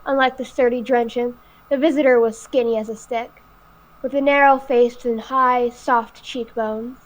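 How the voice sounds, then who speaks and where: A woman's voice: a little high, fairly even intonation, low-quality recording. Woman reading a novel aloud. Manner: careful, slightly halting reading. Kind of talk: live read-aloud of a novel.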